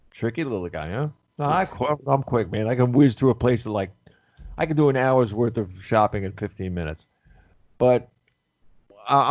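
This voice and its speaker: An animated man tells a story on a talk show, putting on the voices of the people he quotes. His voice is fairly low. The recording is dry and dull, with no room sound. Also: dry recording. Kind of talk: casual talk radio storytelling.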